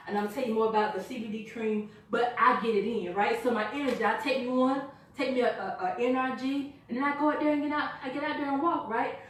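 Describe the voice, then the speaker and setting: A woman giving an energetic, chatty sales pitch to a small live group, laughing and quizzing her listeners. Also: slight background noise. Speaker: product presenter. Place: echoey room with a small live audience. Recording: echoey room from far off.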